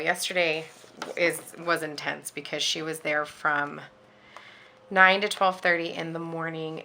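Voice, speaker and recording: A woman in her thirties tells a chatty story over her planner, her voice low with a gravelly edge yet bright in tone. She rambles comfortably with fillers. The delivery is loose and conversational. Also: a little hiss or hum. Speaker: planner vlogger and parent. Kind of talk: casual chat while decorating a planner.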